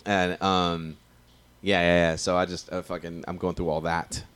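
Deep-voiced comedian. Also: male voice, flat delivery, moderate pace, fairly bright tone, clean tone. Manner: slangy, profane, rambling storytelling. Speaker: stand-up comedian. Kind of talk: casual podcast chat.

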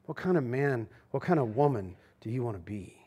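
A man preaching a sermon as pastor, talking in a conversational, emphatic way that swings between loud and hushed. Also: medium pitch, expressive, fairly quick, breathy edge. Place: church sanctuary.

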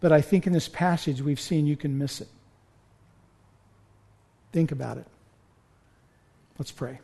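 A pastor delivers a sermon in a church, his voice pitched high for a man. He speaks earnestly and presses toward urgent appeals to his listeners. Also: measured pace, vocal fry, mellow.

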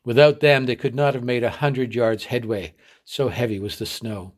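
A man from a readers' theatre reading a short story aloud in a measured storytelling voice. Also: medium pitch, steady tone.

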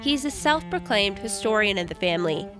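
Calm woman radio reporter. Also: mid-range voice, music in the background. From United States. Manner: calm, measured first-person reporting. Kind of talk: radio feature narration.

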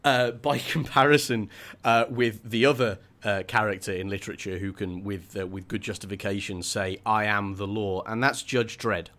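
A man co-hosting a casual book discussion, animated and chatty, often laughing and acting out the characters. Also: on the low side, moderate pace, few pauses. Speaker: podcast co-host.

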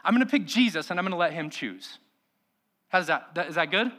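A man's voice: high voice, lively intonation, brisk, bright, forceful tone. A man preaching a sermon as pastor, emphatic and full of rhetorical questions to the congregation.

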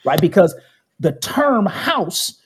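A middle-aged man, a guest telling animated stories in casual conversation, often tagging his points with "right?" and acting out quotes. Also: high-pitched, takes it slowly, breathy edge. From Chicago.

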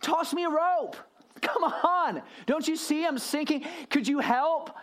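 A preacher performs a panicked man sinking in the water, pleading with his friends for a rope. The voice jumps well above his normal speaking pitch and turns loud and strained. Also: measured pace. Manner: frantic, pleading, raised voice.

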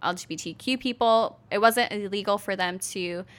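A woman co-hosting a podcast, recounting history in a relaxed chatty way with lots of fillers and casual swearing. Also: medium pitch, normal speed. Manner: laid-back, fillers and laughs, swears casually. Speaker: podcast co-host.

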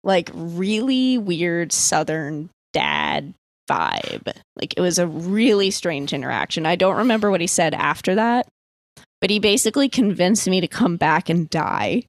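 A woman's voice: lowish voice, expressive, unhurried, dry recording. A young woman from the US East Coast casually telling friends a story, chatty, full of "like," swearing and laughing as she goes. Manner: chatty, lots of "like", swears, laughs mid-sentence.

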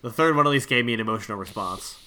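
A man's voice: mid-range voice, expressive, rapid-fire, pushed and bright. A man co-hosting a casual podcast, dropping short wry comments. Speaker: podcast co-host. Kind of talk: casual chat.

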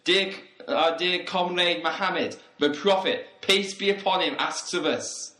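A man's voice: high-pitched, measured pace, pushed and bright, reverberant, rough recording. A young man from England playing a preachy, pompous self-styled student revolutionary in a comedy sketch. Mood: rousing. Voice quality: pompous, speechifying. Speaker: student activist on a volunteer trip.

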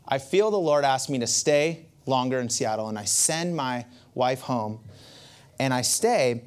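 A man's voice: medium pitch, animated, measured pace. A male pastor delivers a sermon and leans on a personal story. He talks like he is chatting, and often stops to aim asides at the congregation.

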